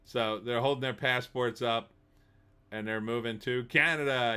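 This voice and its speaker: A man's voice: mid-range voice, fairly even intonation, moderate pace, sharp tone, clean tone. A middle-aged man hosting a live stream, reading chat messages and mocking them in sarcastic, laughing commentary. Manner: sarcastic, laughs often, mocking put-on voices. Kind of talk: casual commentary.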